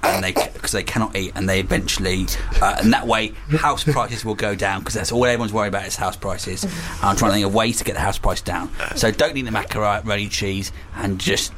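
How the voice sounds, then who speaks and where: A man co-hosting a comedy radio show in a studio, riffing absurd ideas in a deadpan way. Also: on the low side, fairly quick, few pauses, slight background noise. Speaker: radio co-host.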